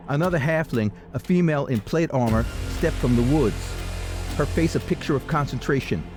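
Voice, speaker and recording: Man narrating a fantasy audiobook. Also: a little high. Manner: steady, dramatic storytelling. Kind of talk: scripted first-person fantasy narration.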